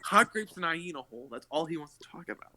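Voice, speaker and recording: A young man co-hosting a podcast, chatting casually and excitably with friends. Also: a little high, quick pace. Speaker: podcast co-host. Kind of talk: casual chat.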